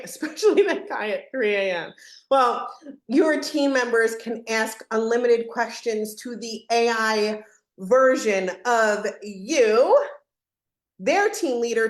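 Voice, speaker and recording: A woman hosting a live software demo webinar in a casual, joking way, laughing often and acting out what team members say. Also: fairly high pitch, measured pace, reverberant.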